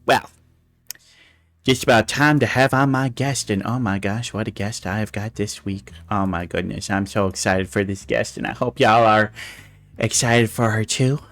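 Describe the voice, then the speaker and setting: A man's voice: on the low side, fairly even intonation, normal speed, a bit bright. A man hosting a casual livestream chat show, rambling with fillers and restarts and cooing with delight over pictures. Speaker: talk show host.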